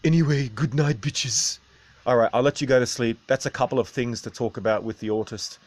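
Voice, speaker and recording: A man's voice: medium pitch, steady tone, fast, no room sound. Rambling man talking to viewers. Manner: rambling, tags sentences with "right?". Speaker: video host. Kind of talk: casual monologue to viewers.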